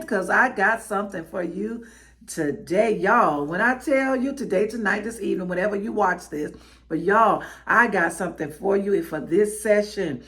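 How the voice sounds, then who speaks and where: Southern woman, show host, lively swinging pitch, slow unhurried delivery, calls out to listeners. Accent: Southern American. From Miami, Florida. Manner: animated, warm calls to the audience.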